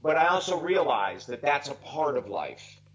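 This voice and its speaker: His voice is fairly high and very animated, fairly bright in tone, at normal speed, though the recording is low quality. He's a life coach in his sixties on a video call, telling stories earnestly and emotionally, near tears, with heartfelt emphasis.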